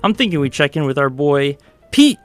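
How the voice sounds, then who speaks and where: A man's voice: a little high, very animated, normal speed, fairly bright tone, dry recording, soft background music. Jokey late-night radio host man. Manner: jokey, ironic banter. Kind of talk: comedic radio hosting. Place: radio studio.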